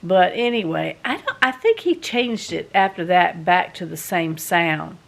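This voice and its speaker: A woman's voice: lowish voice, measured pace, gravelly. A woman vlogger, telling a folksy home story to the camera in a chatty way. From American South. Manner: chatty, folksy, animated when retelling. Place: home in a doublewide.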